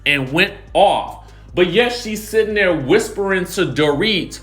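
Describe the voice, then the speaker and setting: A man recapping reality TV drama in an animated, emphatic, slangy way. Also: sits high, measured pace, over loud music. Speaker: celebrity gossip YouTuber.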